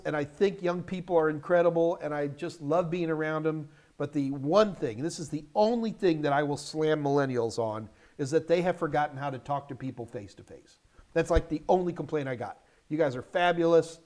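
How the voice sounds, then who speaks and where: A middle-aged man from the United States hosting a live Q&A, giving energetic, emphatic career advice in short repeated commands while sounding a little tired. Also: fairly high pitch. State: yawny, tired. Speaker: host answering viewer questions.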